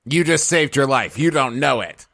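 A man's voice: medium pitch, expressive, moderate pace, creaky, sharp tone, no echo, studio quality, exaggerated voice. A man playing a brash, defiant warrior. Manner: defiant, blunt. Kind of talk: in-character tabletop role-play.

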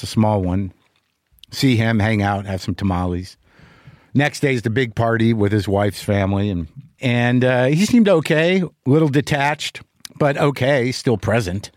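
A man's voice: fairly low pitch, no room sound, studio quality. A middle-aged man hosting a podcast, telling a candid story in a rambling, profane way with lots of restarts. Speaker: podcast host. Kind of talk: casual monologue.

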